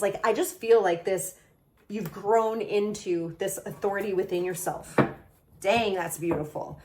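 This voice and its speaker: A woman's voice: mid-range voice, moderate pace. A woman giving a channeled tarot reading, enthusiastic and affirming as she speaks straight to the viewer. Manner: enthusiastic, excitable, gushing; spiritual, affirming tone addressing the viewer directly. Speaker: tarot reader.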